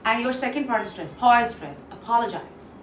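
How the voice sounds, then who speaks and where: This woman, an English pronunciation trainer, teaches online in a voice on the high side, expressive, fairly quick and a bit bright. She explains and repeats each word for drilling, often saying "uh". The recording is distant and off-mic, with roomy echo and faint noise.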